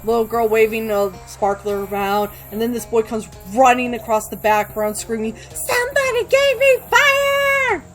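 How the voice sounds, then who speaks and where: A woman's voice: medium pitch, flat delivery, normal speed, hardly any pauses, darkish tone, soft background music. A woman hosting a let's play, chatting casually and swearing freely while she reads the game's dialogue aloud. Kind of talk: gameplay commentary.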